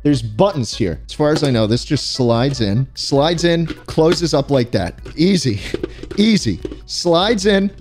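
A young man giving crude, excitable gameplay commentary and yelling at the game. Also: high voice. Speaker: streamer.

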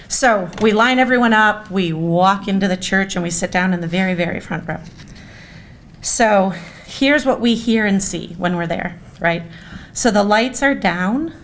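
A woman, around her forties, giving a storytelling speech at a gala, animated and self-mocking, turning often to the audience with asides. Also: mid-range voice. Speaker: speaker at a gala. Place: event hall.

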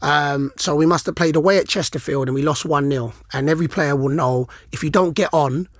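Brief: middle-aged man, podcast co-host, high voice, dry close sound, slangy and animated. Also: a little fast, no echo. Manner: animated, slangy, acts out quoted lines. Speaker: podcast co-host, former footballer. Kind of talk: casual chat, storytelling.

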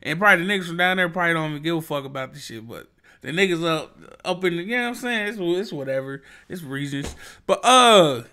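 A young man hosting a music reaction, talking in a loose, slangy, rambling way and bursting into excited shouts. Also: a little high, fast. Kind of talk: casual reaction commentary.

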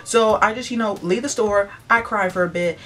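A woman's voice: medium pitch, normal speed, a little hiss or hum. A young woman telling a casual storytime vlog, chatty and full of "like", acting out what other people said. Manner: chatty, peppered with "like" and "blah blah blah"; animated, acts out other people's lines. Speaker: vlogger.

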